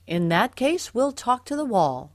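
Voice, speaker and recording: A woman's voice: on the high side, very animated, a little slow, no room sound, studio quality, voice pushed up. A woman voicing a fussy, anxious father mouse in a storybook, calling out eagerly and stammering at times.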